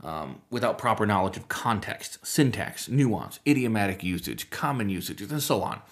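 This podcast host, who teaches about Bible languages, works through a scripted monologue full of wry asides and frequent interruptions of himself. His voice is fairly low and sing-song, moving at a normal speed.

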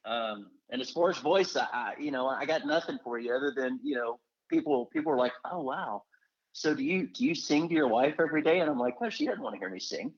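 A man co-hosting an interview, asking questions in a rambling, halting way. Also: medium pitch, sing-song, husky, dull audio. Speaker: co-host. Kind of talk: casual interview talk.

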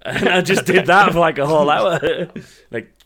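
A man's voice: on the high side, normal speed, a bit bright. A man hosting a casual podcast, chatting loosely with many restarts and frequent laughs. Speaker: podcast host.

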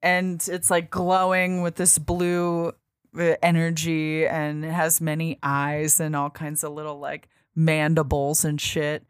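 Woman co-host, low-pitched, dry close sound, rambling casual recap delivery. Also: completely flat delivery, measured pace, smooth, no echo. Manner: loose and chatty, heavy on filler words and swearing. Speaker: podcast co-host. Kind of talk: casual chat recapping a comic.

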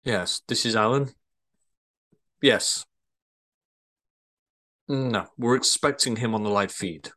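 A man's voice: mid-range voice, slow, long pauses, bright, forceful tone. A man with a wavering English accent reading a flustered, stammering male hotel manager in a comedy table read. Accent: English, drifting northern and southern. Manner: stammering, apologetic.

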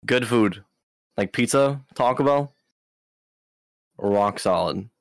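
A man's voice: fairly low pitch, lively intonation, slow pace, no echo. A young man answering interview questions casually, rambling with lots of fillers and easy slang. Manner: rambling, filler-heavy, laid-back slang. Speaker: interview guest.

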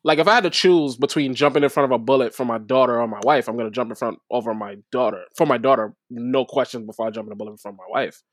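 A man co-hosting a podcast, an animated storyteller in casual group chat who laughs easily. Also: mid-range voice, fast, few pauses, no echo, studio quality. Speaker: podcast co-host.

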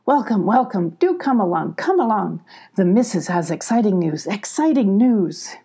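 A woman's voice: medium pitch, big pitch swings, normal speed, mellow, husky. A woman voicing a fussy, cheerful male beaver who repeats his phrases, in a storybook reading. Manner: repeats his words twice.

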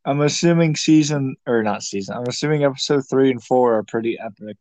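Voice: mid-range voice, brisk, a little mellow, no echo. A young adult podcast co-host in casual chat, laid-back and laughing often.

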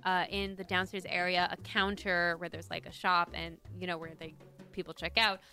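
A woman's voice: fairly low pitch, level tone, moderate pace, bright, forceful tone, soft background music. A woman narrating as game master of a tabletop role-playing game, describing scenes with many fillers and restarts. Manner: hesitant, filler-heavy description.

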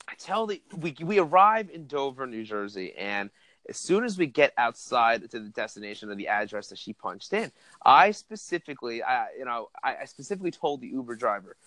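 A man's voice: mid-range voice, very animated, moderate pace, fairly bright tone, dry recording. A man telling a profane story on a comedy podcast, laughing through it.

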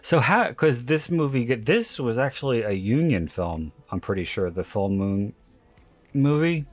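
A male podcast host spins a story in relaxed, unhurried chat, breaking into laughs along the way. His voice sits at an ordinary pitch and the recording is close and dry, with no room sound. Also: no room sound. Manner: chatty storyteller, laughs often. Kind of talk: casual chat.

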